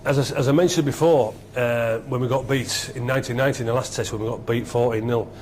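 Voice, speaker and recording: Guy, middle-aged, excited rambly storyteller, normal pitch, bit of hum behind. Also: fast talker. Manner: excitable, rambling, repeats himself. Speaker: former rugby league captain, guest. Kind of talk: animated storytelling interview.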